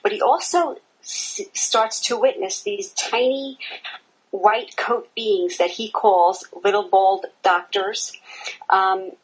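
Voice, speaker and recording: A woman co-hosting a casual podcast chat, talking haltingly with many fillers. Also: medium pitch, husky, poor audio. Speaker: podcast co-host.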